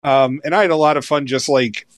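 A man's voice: a little high, steady tone, brisk, no echo. A man in his thirties reviewing a video game in casual chat, rambling with lots of fillers and restarts, and laughing easily. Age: 30s. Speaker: game reviewer, podcast co-host.

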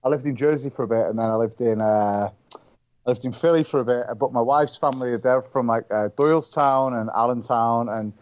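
A man's voice: mid-range voice, brisk, a little mellow, no echo, lo-fi sound. A man from northwest England with a Manchester accent, chatting casually as host, laughing often and restarting his sentences. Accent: Mancunian English. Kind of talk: casual chat.

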